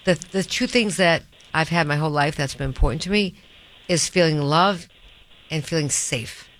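A woman's voice: low-pitched, moderate pace, fairly bright tone, poor audio. Middle-aged woman, radio host, earnest casual chat, restarts a lot. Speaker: radio talk show host.

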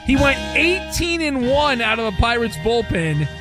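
A man hosting sports talk radio, giving quick wry opinions and reading listener answers. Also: extremely high pitch, very animated, over music. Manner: wry, sarcastic quips.

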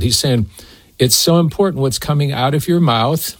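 A man's voice: medium pitch, moderate pace, no echo. A man preaching a sermon in a folksy, emphatic way, often turning to address a co-host by name.

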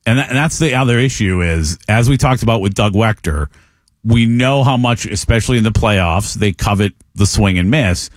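A man's voice: on the low side, moderate pace, no echo. A man co-hosting a sports radio show, talking casually and animatedly, with many "like" fillers. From from an Italian family.

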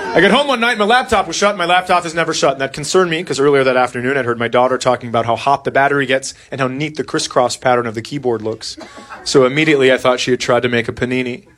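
A man in his forties telling a stand-up story about his son, dry and deadpan. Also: mid-range voice, fast, noisy background. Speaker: stand-up comedian. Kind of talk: stand-up comedy set. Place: comedy club stage. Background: audience laughing.

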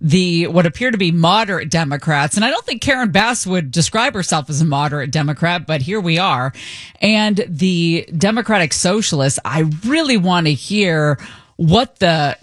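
Radio co-host, mid pitch, dry studio sound, reads news briskly and then muses with opinion. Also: animated, fairly bright tone, no room sound. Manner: brisk newsreader delivery, then opinionated musing. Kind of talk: news reading and commentary.

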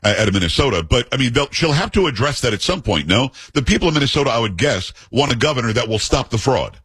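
Husky man hosting a talk show. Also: mid-range voice, sing-song, quick pace, fairly bright tone, no room sound. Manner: brash, incredulous questioning. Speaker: show host. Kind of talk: political talk interview.

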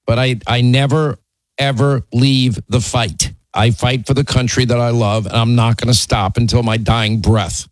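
A man's voice: mid-range voice, fairly even intonation, normal speed, no room sound, poor audio. A man hosting a call-in talk radio show, speaking in a firm, plainspoken way and often repeating himself to make a point.

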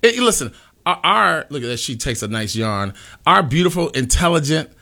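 A man hosting a casual talk show, playful and animated, giving shout-outs to listeners. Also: a little high, moderate pace, gravelly. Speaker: host. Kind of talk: casual chat.

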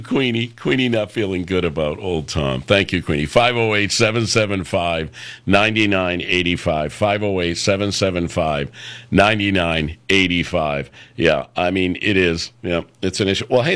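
A middle-aged man hosting a call-in radio talk show, chatty and quick to laugh. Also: deep voice, fairly bright tone. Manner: chatty, laughs easily, repeats phone number.

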